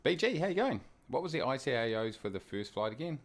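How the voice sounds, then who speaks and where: A man's voice: medium pitch, sing-song, fast talker. A man with a New Zealand accent, hosting a flight-sim live stream in casual, jokey chat and greeting viewers by name. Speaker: flight sim livestream host.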